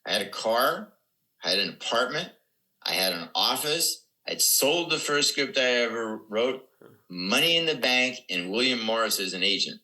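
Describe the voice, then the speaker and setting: Older man with a sharp, tense voice. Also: mid-range voice, sing-song, normal speed, poor audio. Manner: rambling anecdotes with quoted dialogue. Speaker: comedian guest. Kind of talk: casual storytelling on a podcast.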